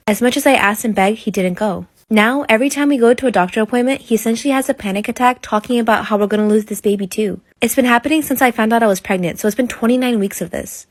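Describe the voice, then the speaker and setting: A woman reading out a personal forum story in a flat, quick recital. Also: mid-range voice, no room sound. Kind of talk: rapid scripted narration.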